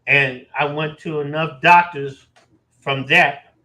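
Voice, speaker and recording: A man's voice: a little high, slow pace. Man telling a story in a roomy room. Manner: animated and profane, with emphatic repetition. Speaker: vlogger telling a personal story. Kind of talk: casual storytelling. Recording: roomy echo.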